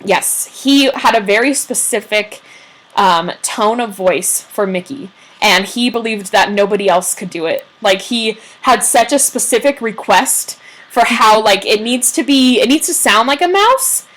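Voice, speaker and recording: A woman's voice: a little high, lively intonation, unhurried, fairly bright tone. A young woman co-hosting a podcast, chatting casually and telling a history story with lots of "um"s and acted-out quotes. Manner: chatty storyteller, many ums, acts out quotes.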